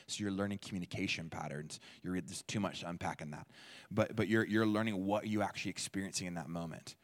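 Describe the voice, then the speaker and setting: A man preaching a sermon in a church, talking in a conversational, energetic way and acting out quoted people. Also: quick pace. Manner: conversational and energetic, jumps into playful high-pitched voices for quoted people. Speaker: pastor.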